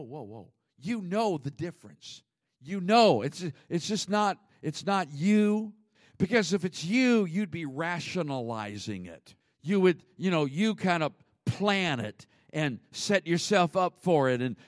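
A man preaching a sermon as pastor, conversational, with sudden swings between loud emphasis and hushed asides. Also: a little high, no room sound, clean studio sound.

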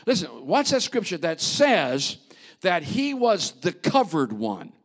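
Guy preaching, high voice, super expressive, chatty asides to the church. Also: slow pace, slightly rough. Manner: animated, conversational preaching with asides to the congregation. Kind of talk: sermon.

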